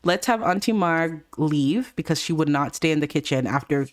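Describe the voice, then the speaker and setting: A woman narrating her life-sim game in a chatty, casual way. She giggles often and gets excited about scenes as she directs her characters. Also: low-pitched, normal speed. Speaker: let's play host. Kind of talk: casual gameplay commentary.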